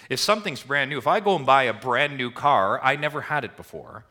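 Bright-voiced preaching man. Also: medium pitch, expressive, fairly quick. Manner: preaching with rhetorical questions, swelling and dropping emphasis. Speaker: pastor. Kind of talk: sermon. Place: church.

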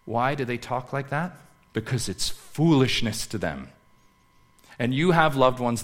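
A pastor preaches a sermon, alternating loud, emphatic lines with hushed, low asides. He aims rhetorical questions straight at his listeners.

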